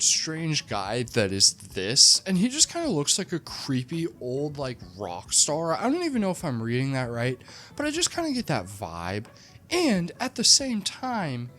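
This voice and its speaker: A comedic movie reviewer tells a film's plot with sarcastic, animated storytelling and lots of "like" fillers. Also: medium pitch. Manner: frequent "like" fillers.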